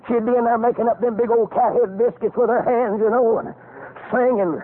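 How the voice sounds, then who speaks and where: An older man preaching a fiery revival sermon, folksy storytelling that climbs into shouted exhortation. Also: very high voice, steady tone, brisk, soft background music. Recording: tinny phone-like lo-fi recording.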